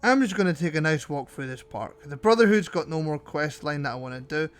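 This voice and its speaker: High-voiced wry gaming narrator, a man. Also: animated, fairly quick, soft background music. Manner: wry, self-mocking, jokey. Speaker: gaming channel host. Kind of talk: gameplay commentary voice-over.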